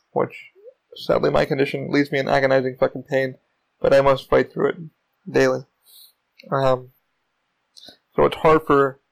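A man hosting his own podcast, telling stories in a casual solo monologue, rambling and excitable and swearing often. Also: medium pitch, vocal fry, poor audio. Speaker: podcast host.

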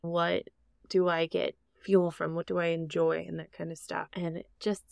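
Excitable lady cohost chatting, gravelly fry, dry close mic. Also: lowish voice, moderate pace, no room sound. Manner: excitable, animated. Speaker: podcast co-host. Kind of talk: casual chat.

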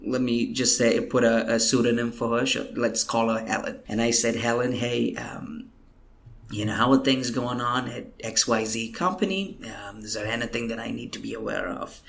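A man's voice: medium pitch, moderate pace, vocal fry, fairly bright tone. A man, a guest minister, telling an emotional testimony in a podcast interview, earnest and at times dropping to a whisper. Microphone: computer microphone.

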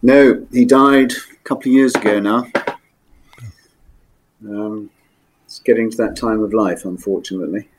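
An older man, a former naval pilot, recalling his flying days in an interview, measured and hesitant with frequent ums. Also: fairly low pitch, fairly even intonation, slight background noise. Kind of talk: interview recollection.

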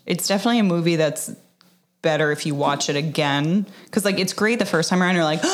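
A woman's voice: low voice, fast talker. A woman co-hosting a podcast, chatting casually about a movie as she watches it and acting out characters' lines. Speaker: podcast co-host.

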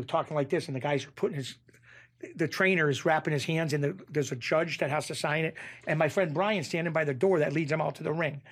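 Rambling man telling a story. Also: a little high. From Springfield, Massachusetts. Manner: rambling, animated, full of restarts and acted-out lines. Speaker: guest, former mob associate. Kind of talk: casual storytelling.

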